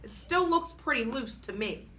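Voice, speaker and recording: A woman voicing a patient, kindly grandfather who speaks gently and soothingly. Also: on the high side, lively intonation, moderate pace, pitched above the performer's own voice. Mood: gentle.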